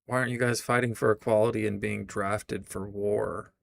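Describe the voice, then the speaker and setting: Gravelly man giving sarcastic reaction commentary. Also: fairly low pitch, fairly even intonation, normal speed, no echo, clean studio sound. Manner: incredulous, sarcastic, swears. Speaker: streamer.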